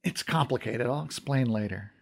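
A man's voice: medium pitch, moderate pace, gravelly, lightly acted. A man voicing a curious, slightly wry young prince in a storybook reading. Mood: earnest. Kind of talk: audiobook character reading.

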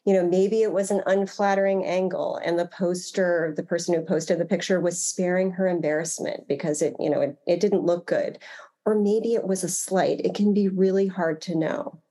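A woman researcher answers interview questions in a measured, thoughtful way. Her voice sits fairly low and sounds mellow and warm. She pauses now and then with small fillers. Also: fairly even intonation. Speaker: researcher guest.

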